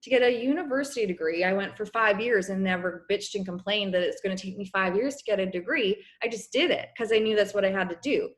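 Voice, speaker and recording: A young woman coaching her business team on a casual video call, chatty and encouraging, clearing her throat as her voice wears out. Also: medium pitch, quick pace, hardly any pauses. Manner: chatty, encouraging, many fillers. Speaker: network marketing coach.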